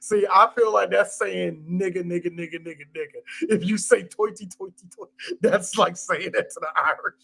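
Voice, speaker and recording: A man co-hosting a casual movie podcast, animated, joking and full of slang. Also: sits high, normal speed, creaky. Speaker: podcast co-host. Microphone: live stream mic.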